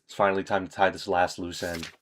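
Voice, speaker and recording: A man's voice: low-pitched, level tone, a bit bright, a little hiss or hum. Man reading as a grim, weary journal writer. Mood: solemn. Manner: solemn, measured reading.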